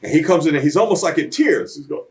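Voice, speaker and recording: Slightly high and animated, this man's voice moves fast as he sits for an interview. He's a blunt, streetwise storyteller, acting out quoted voices in shoot-interview fashion.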